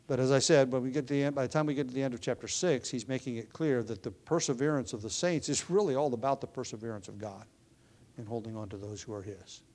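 Man preaching a measured sermon. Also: mid-range voice, darkish tone. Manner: measured teaching delivery with occasional restarts. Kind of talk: expository sermon.

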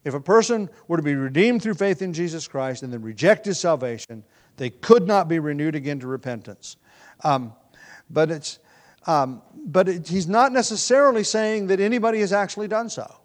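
A man's voice: fairly high pitch, lively intonation, moderate pace. A man with a nagging cough, preaching an earnest expository sermon, often restarting phrases with fillers. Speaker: pastor.

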